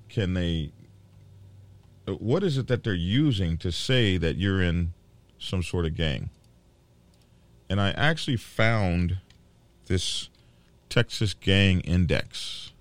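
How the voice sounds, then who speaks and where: Low-voiced guy hosting a biker show, lots of ums and restarts, sounds fed up, dry close sound. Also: no room sound. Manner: halting, with many fillers and repeated words; worked up and indignant. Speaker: biker news show host. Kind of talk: casual commentary to viewers.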